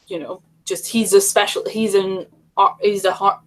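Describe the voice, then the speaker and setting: A woman's voice: mid-range voice, steady tone, moderate pace, poor audio. A woman hosting a casual livestream chat, talking in a rambling way with many fillers and restarts. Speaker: livestream host.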